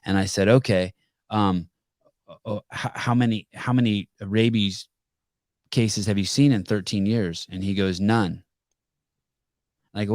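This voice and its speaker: A man with a lowish voice hosts a casual call-in podcast. He tells stories in a blunt, unfiltered way and swears freely. The sound is dry and close, with no room echo. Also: moderate pace, a little mellow. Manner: blunt storyteller with profanity. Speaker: podcast host. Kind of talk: casual call-in show chat.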